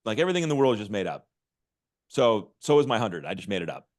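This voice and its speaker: A middle-aged man talking casually as a podcast guest, animated and quick to restart his sentences with repeated words. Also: fairly low pitch. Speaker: podcast guest, author and marketing executive. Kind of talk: casual interview talk.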